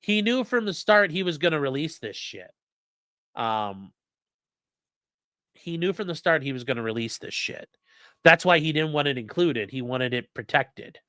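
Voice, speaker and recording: Animated man retelling a deposition. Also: on the high side, moderate pace, long pauses, no room sound, clean studio sound. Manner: animated retelling of a transcript, acting out the lawyers' lines. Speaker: podcast host. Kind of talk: comedic legal commentary.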